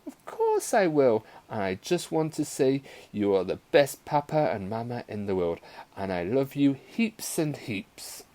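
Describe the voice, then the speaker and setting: A man reading a story aloud, voicing a little girl who talks in a cute sing-song but turns to a deeper snarl. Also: big pitch swings, measured pace, dark tone. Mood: sweet. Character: sugary little girl, secretly cruel.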